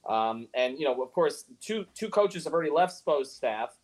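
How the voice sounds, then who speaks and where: A man's voice: on the high side, expressive, moderate pace, darkish tone, low-quality recording. Brief: male podcast host, easygoing, moves the show along. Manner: laughs easily, moderates topics. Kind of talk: casual sports chat.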